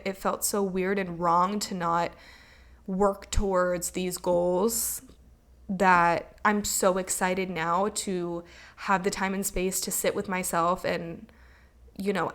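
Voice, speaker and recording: Young woman doing a solo podcast, chatty and reflective, lots of likes, mid-pitched voice. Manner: earnest, reflective, motivational, with many likes and you knows. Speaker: podcast host. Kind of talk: casual solo podcast monologue.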